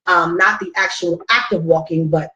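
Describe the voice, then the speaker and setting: A woman's voice: on the low side, fairly even intonation, moderate pace, bright, forceful tone, lo-fi sound. Middle-aged woman host, heartfelt storytelling, roomy distant sound. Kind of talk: casual chat.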